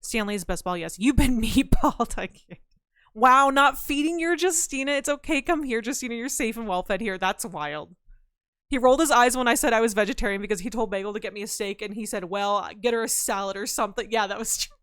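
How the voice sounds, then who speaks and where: A woman's voice: a little high, fairly quick, clean tone, no room sound, studio quality. A young woman streamer chatting casually with her chat, telling stories and laughing, with a slightly scratchy throat. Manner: chatty, laughing, reads chat aloud, animated storytelling.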